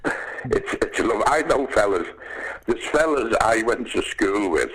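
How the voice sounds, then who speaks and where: An older man with a Liverpool accent, telling anecdotes as a podcast guest, animated and calling the listener "lad". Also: lowish voice, unhurried, husky, low-quality recording. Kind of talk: casual storytelling.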